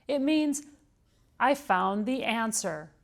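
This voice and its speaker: A woman's voice: on the high side, expressive, takes it slowly, gravelly, voice pushed up, heavily acted. A woman doing a fussy lecturing professor. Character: fussy male professor and science judge. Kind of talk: children's storybook read-aloud.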